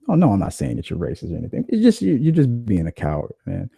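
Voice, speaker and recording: A man hosting a podcast in casual, profane, animated rants that ramble from point to point. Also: on the low side, fast talker, vocal fry, slightly rough, dry recording. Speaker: podcast host. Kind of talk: casual ranting chat.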